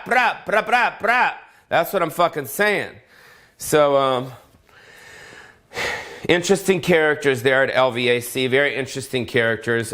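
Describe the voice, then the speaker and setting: A man's voice: mid-range voice, fairly bright tone. Rambling profane comedian man. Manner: loose, slangy, rambling, heavy swearing. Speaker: comedian host. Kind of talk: profane solo comedy rant. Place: hot house without air conditioning.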